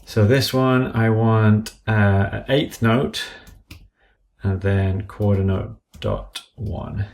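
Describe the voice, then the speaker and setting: A man's voice: on the low side, creaky, a little mellow. A man walking through entering drum notation in a music app, methodically calling out notes and stickings and correcting himself as he goes. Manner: slow, methodical, muttering self-corrections while entering notes. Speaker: app tutorial presenter. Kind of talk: screen-recorded software walkthrough. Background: computer keyboard and mouse clicks.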